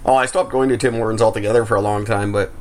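A man's voice: lowish voice, fairly even intonation, rapid-fire. A man co-hosting a casual chat, joking dryly and laughing often at his own quips. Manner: joking, mock-quoting others, laughs often.

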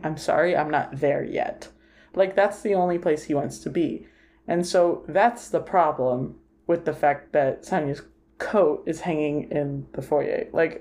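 A woman's voice: sits low, warm tone. A woman co-hosting a podcast, chatting casually about a film and retelling its scenes with lots of "like" fillers. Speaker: podcast co-host.

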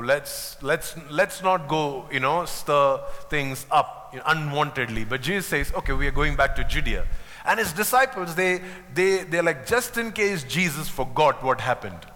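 A man preaching a sermon, emphatic and lively, acting out the people he quotes with humor. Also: fairly high pitch, big-room sound.

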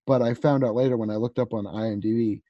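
A woman's voice: very deep voice, fairly even intonation, quick pace, no echo, lo-fi sound. A young woman co-hosting a podcast, chatting casually about a movie in a rambling way, full of "like" and small laughs. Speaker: podcast co-host. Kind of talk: casual chat reviewing a movie.

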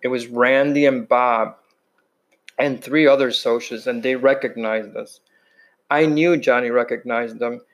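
A man's voice: mid-range voice, fairly even intonation, a little slow, poor audio. A man reading a novel aloud in first person, plainly, with restarts and slips. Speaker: reader.

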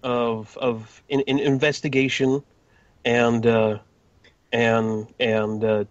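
A man's voice: medium pitch, level tone, takes it slowly, no room sound. A man playing a character in a tabletop game, flippant and stumbling over his words. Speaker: player. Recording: dull lo-fi mic.

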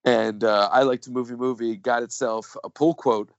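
A man's voice: mid-range voice, fairly even intonation, moderate pace, no echo. Rambling, jokey podcast co-host man. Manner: rambling, filler-heavy, jokey. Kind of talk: casual chat. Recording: dull lo-fi dry sound.

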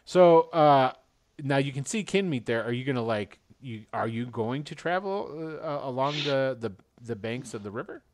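A man running a tabletop game as game master over a video call, rambling and halting with many fillers. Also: medium pitch, animated, a little mellow, dry recording.

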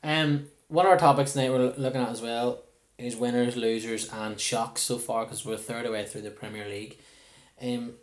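A man hosting a casual football podcast, talking quickly and animatedly, laughing easily. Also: medium pitch, flat delivery. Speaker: podcast host.

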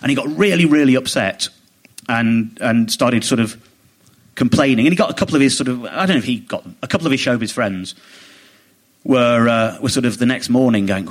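A man chatting as a podcast guest in a mid-range voice. He tells his story in an animated, indignant way, slipping into quick mock voices for other people. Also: medium pitch. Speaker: comedian guest. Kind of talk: casual chat, storytelling.

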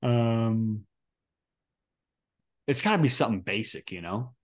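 A man's voice: mid-range voice, lively intonation, unhurried. Man hosting a casual podcast. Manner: reads trivia questions aloud, hesitant with many fillers. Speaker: podcast co-host.

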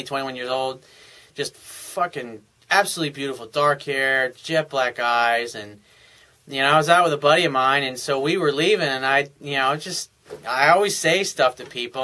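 A man's voice: fairly high pitch, sharp tone. A man giving casual dating advice, telling a story in a cocky, profane, rambling way. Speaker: dating coach.

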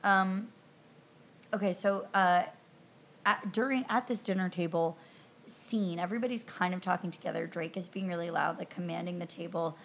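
A woman hosting a podcast, recounting a film scene by scene in a chatty, animated way, full of ums and likes. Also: lowish voice, moderate pace, gravelly, a little hiss or hum. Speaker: podcast host recapping a film. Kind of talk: casual recap narration.

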